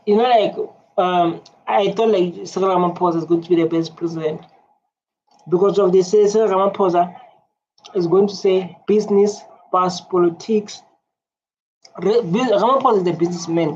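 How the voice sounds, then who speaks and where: A woman hosting a reaction video, talking in animated, repetitive casual commentary with a husky voice. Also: lowish voice, dull audio. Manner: animated, repeats phrases, many fillers and restarts.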